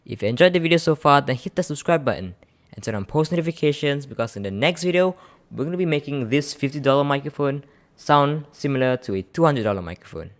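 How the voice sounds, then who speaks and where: A man's voice: fairly high pitch, animated, fast talker. Casual young-sounding male tech reviewer. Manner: explanatory, chatty, addresses viewers as you guys. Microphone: close studio microphone.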